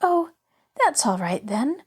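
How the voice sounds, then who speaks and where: A woman's voice: high voice, sing-song, slow, husky, voice pushed up, exaggerated voice. A woman reading a storybook aloud, voicing an eager, cheerful little girl who chatters on.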